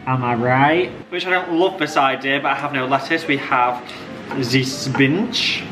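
A man's voice: medium pitch, a little slow. A young man chatting playfully to the camera while cooking in his home kitchen for a food vlog. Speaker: vlogger. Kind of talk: casual food vlog chat. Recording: roomy, distant, over background music.

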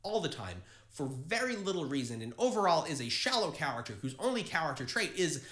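A man's voice: on the high side, sing-song, a little fast, fairly bright tone. A man hosting a tabletop gaming channel, explaining to camera in an earnest, encouraging way and talking straight to his viewers. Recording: roomy echo.

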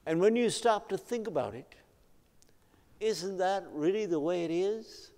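A man preaching at an unhurried, deliberate pace, his mid-range voice ringing through a church sanctuary with a long reverb trailing each phrase. He tells the story like a seasoned pastor, letting the voice swell and sink to drive home each point. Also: high voice, a little mellow. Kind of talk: sermon.

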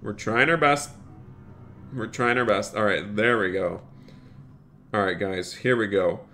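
A man's voice: fairly low pitch, measured pace, sharp tone, a little hiss or hum. A man live-streaming a game, chatty, thanking viewers by name and talking to "you guys" a lot. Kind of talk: live-streamed gameplay commentary.

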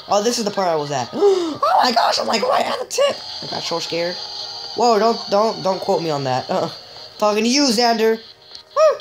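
A woman giving joking, excitable let's-play commentary, chatting straight to viewers and letting out sudden high yelps. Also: poor audio. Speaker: gamer. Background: game music.

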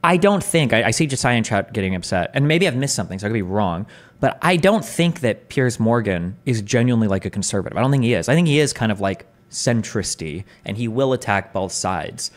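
A man's voice: on the low side, sing-song, a little fast. A man hosting a livestream in casual debate chat. He is restless, hedging and full of questions. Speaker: streamer host.

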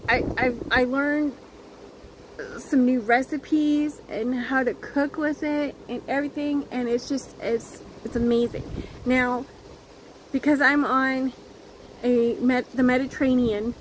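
Slow, halting woman vlogger. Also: high-pitched, noisy background. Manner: earnest, heartfelt; halting, often restarting. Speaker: crochet vlogger. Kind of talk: casual chat to viewers.

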